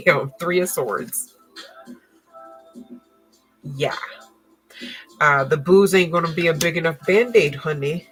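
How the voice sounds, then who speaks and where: A woman's voice: low-pitched, expressive, unhurried, faint music behind, low-quality recording. A woman giving a casual tarot reading in a blunt, profane, slangy way, often laughing. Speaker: tarot card reader.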